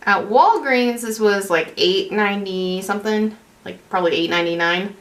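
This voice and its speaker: A woman's voice: medium pitch, normal speed. A young woman chatting casually through a makeup tutorial, rambling and correcting herself as she goes. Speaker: beauty vlogger.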